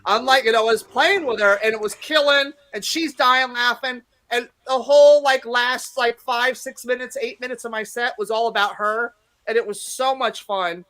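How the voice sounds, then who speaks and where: Speaking at a moderate pace in a slightly high voice, a woman comedian in her fifties swaps stories as an interview guest. She's brash and profane, loudly acting out other people's quotes.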